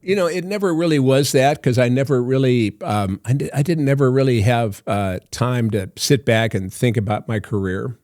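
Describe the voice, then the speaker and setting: A man's voice: mid-range voice, moderate pace, hardly any pauses, a little mellow, dry recording, studio quality. An older man, an actor guest on a podcast, telling long anecdotes full of fillers and laughs. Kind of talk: storytelling in a podcast interview.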